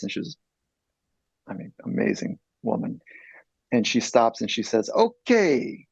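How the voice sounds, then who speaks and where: A man in his fifties speaks as a psychologist guest, earnest and blunt, and he swears freely. His voice is gravelly at a middle pitch. The recording is dry and slightly dull. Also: a little mellow, no echo. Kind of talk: candid personal storytelling.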